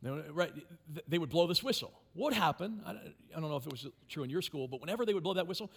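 A man preaching a sermon as pastor, animated and emphatic, with repeated phrases. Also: fairly high pitch, fast, breathy edge.

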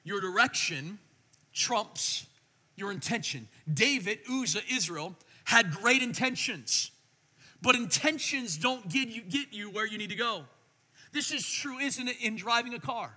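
A middle-aged man preaching a sermon as pastor, telling stories in an animated way and swinging between quiet and loud. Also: very high-pitched, moderate pace, big-room sound.

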